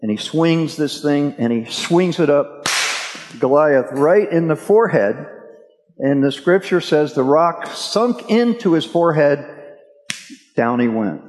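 A man's voice: a little high, animated, unhurried, a little mellow. A male preacher telling a scripture story in a casual, chatty storytelling way during a sermon. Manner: casual storytelling, addresses listeners as guys. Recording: echoey hall reverb.

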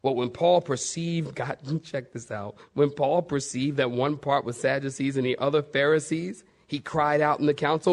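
A male pastor preaching a sermon in a lively, playful way, acting out bits of the story. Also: fairly high pitch, moderate pace, few pauses. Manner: animated, playful, acts out voices.

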